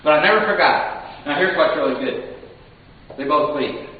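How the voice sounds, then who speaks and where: Recorded from far off in a dull, echoey hall, a man with a slightly high voice gives a live sales training seminar to a class at a moderate pace. He's an animated storyteller who acts out customers' lines.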